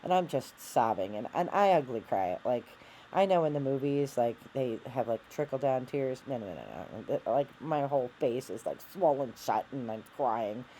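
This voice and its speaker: Middle-aged woman vlogger, candid and rambling, self-deprecating, mellow tone, faint background noise. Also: extremely low pitch, normal speed, low-quality recording. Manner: rambling, self-deprecating, with frequent fillers and restarts. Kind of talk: candid personal vlog.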